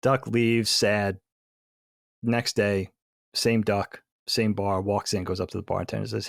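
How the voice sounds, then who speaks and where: Man with a gravelly voice. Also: fairly low pitch, steady tone, a little slow, no room sound, studio quality. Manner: rambling, self-correcting storyteller. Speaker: podcast co-host. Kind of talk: casual chat, telling a long joke.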